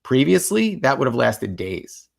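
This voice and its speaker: A man's voice: medium pitch, big pitch swings, a little slow, vocal fry. A man co-hosting a livestream about relationships, talking in an earnest, reflective way, with lots of fillers. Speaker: co-host of a couples livestream. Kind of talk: casual conversational talk.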